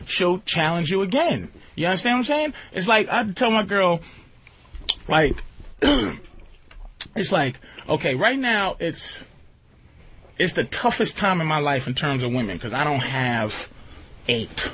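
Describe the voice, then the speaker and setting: A man's voice: fairly high pitch, animated, unhurried, long pauses. A man hosting a radio talk show, joking loosely and often asking whether the listener understands. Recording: lo-fi radio recording.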